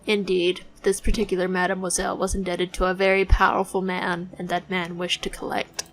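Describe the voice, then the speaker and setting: A woman voicing a smooth, evasive male detective in disguise in a game, speaking in a suave, theatrical way. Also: lowish voice, monotone, brisk, lightly acted, low-quality recording. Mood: storytelling. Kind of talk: voicing a visual novel let's play.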